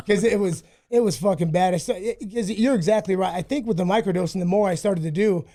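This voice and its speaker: A man's voice: high voice, fairly quick, dark tone. A man telling rambling, profane stories about himself in a casual podcast interview. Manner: profane, rambling, self-mocking. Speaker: guest, former fighter.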